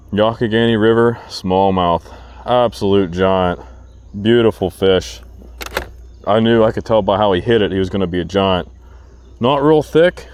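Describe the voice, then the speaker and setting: A man vlogging while fishing from a boat on a river, talking excitedly to himself and the fish. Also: lowish voice, a little slow, pauses often, slight background noise. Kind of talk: casual narration while fishing.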